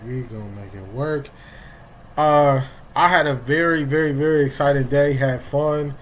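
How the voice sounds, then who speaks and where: A man's voice: mid-range voice, moderate pace, a little hiss or hum, poor audio. Chatty middle-aged man hosting a live stream. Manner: greets chat viewers by name, loose and talkative. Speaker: livestream sports show host. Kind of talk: casual live-stream chat.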